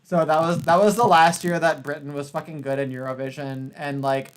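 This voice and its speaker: A man hosting a podcast, chatting casually, with a profane and animated ranting manner. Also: fairly high pitch, brisk, smooth. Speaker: podcast host. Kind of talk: casual chat.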